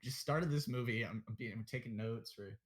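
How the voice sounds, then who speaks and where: A young man co-hosting a podcast in a loose, blunt way. He gives strong opinions, drops a curse or a joke now and then, and speaks at an everyday middle pitch. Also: brisk, a crowd in the background. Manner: blunt, opinionated, swears and jokes. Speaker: podcast co-host. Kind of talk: casual chat.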